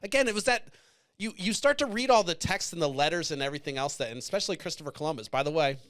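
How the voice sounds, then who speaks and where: A man's voice: on the high side, animated, quick pace, fairly bright tone. A man hosting a podcast, talking in passionate, profane, emotional casual commentary that wanders and restarts. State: choked up. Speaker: podcast host.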